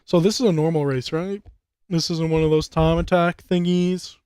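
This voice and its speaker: A man giving casual, profane commentary over a racing game, rambling and ranting with animated outbursts. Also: on the high side, moderate pace, smooth. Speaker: gaming commentator. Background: game music and car engines.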